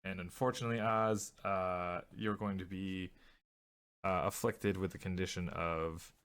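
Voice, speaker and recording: Low-voiced man running a tabletop game. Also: steady tone, measured pace, a bit bright, smooth. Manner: hesitant, many fillers and restarts. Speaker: game master.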